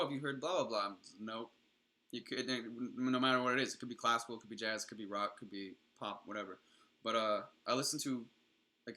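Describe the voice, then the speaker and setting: Man, young adult, streamer, casual rambling chat, enthusiastic, profane, bright voice. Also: on the low side.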